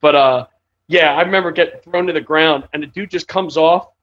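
A man's voice: a little high, a little fast, fairly bright tone, dull audio. A man telling a story in casual chat, rambling, swearing often and laughing as he talks.

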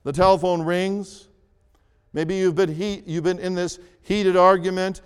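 Slow, deliberate preaching man in a hall. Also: high voice, little pitch movement, smooth. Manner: slow, deliberate preaching with repeated phrases and emphatic rises. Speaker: pastor. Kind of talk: sermon. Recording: long reverb of a large hall.

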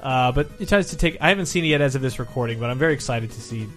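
A man's voice: mid-range voice, very fast, a bit bright, soft background music. A man co-hosting a casual podcast, rambling and laughing often, with a loose, swearing style. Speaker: podcast co-host. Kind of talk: casual chat.

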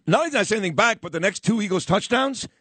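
A man's voice: sits high, rapid-fire, husky, dry recording. A middle-aged man, a radio host telling a story and talking sports in a casual, wisecracking way. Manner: animated, wisecracking, acts out others in quoted voices.

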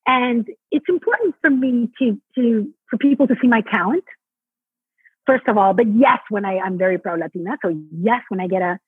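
A woman's voice: fairly high pitch, normal speed, husky, no room sound. A woman from Mexico, a Broadway actress, talking animatedly in a casual interview and often restarting her sentences. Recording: tinny phone-line call.

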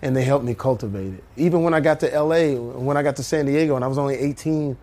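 A man in his fifties, a comedian guest, telling animated stories and slipping into impressions. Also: mid-range voice, fast talker. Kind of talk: storytelling in a talk-show interview.

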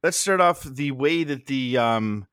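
Male podcast host, mid-pitch, casual and rambling, dry close mic. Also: lively intonation, a little slow, a bit bright, smooth, no room sound. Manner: laid-back, rambling with fillers. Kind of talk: casual hockey podcast chat.

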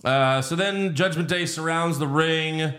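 A man hosting a podcast, recapping events in casual chat with an animated storytelling manner. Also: a little high, a little slow. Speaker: podcast host recapping wrestling.

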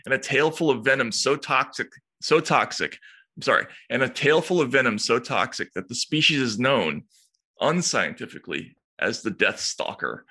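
Man, podcast co-host, bright tone, dry wry chat. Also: medium pitch, expressive, moderate pace, slightly rough. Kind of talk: casual news chat, reads stories aloud.

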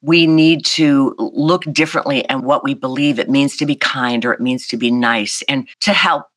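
A woman, telling a personal story as an interview guest in a lively, animated way. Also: extremely low pitch, normal speed, no echo. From South Carolina, US. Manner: animated, vivid storyteller acting out voices. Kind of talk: storytelling in a conversation.

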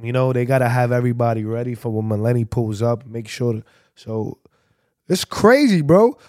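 A man's voice: medium pitch, animated, moderate pace, darkish tone. Sick man co-hosting a podcast at home. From New Jersey. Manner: teasing, profane, laughing. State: sick with the flu. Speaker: podcast co-host. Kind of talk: casual chat.

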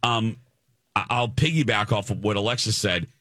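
A man's voice: lowish voice, normal speed, sharp tone, dry recording, clean studio sound. A man from the Chicago area co-hosting a radio show, chatting with enthusiasm and often restarting his sentences. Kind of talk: casual chat.

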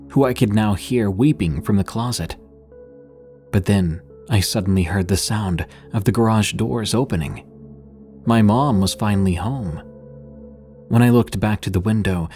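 Low-voiced man narrating horror stories. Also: a little mellow.

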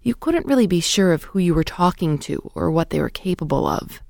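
A woman hosting a podcast, narrating in a measured, clear way and putting questions to her guest. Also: on the low side, animated, a little mellow, dry recording, studio quality. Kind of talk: scripted narration and interviewing.

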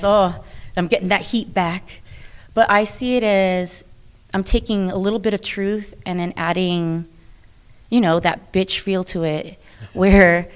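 Chatty woman wrestler, animated and laughing. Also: mid-range voice, smooth. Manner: chatty, animated, laughs often, many restarts. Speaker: professional wrestler. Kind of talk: interview conversation.

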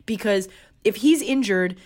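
A young woman co-hosting a fantasy football podcast, giving emphatic opinions in casual chat. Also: mid-range voice. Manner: emphatic, animated, quick opinions.

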